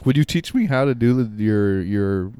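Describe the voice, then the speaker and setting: Man, improv comedy, clear dry voice. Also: lowish voice, expressive, normal speed, mellow, no room sound. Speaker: improv performer.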